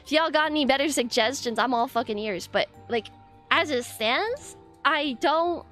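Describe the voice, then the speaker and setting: A woman's voice: sits high, measured pace, fairly bright tone, soft background music. A woman streamer venting in a casual, frustrated rant, swearing often and rambling with lots of fillers.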